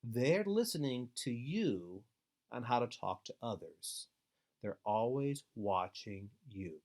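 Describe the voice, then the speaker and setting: A man giving an instructional webinar talk to foster parents, earnest and deliberate, with steady advising emphasis. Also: mid-range voice. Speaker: foster care trainer.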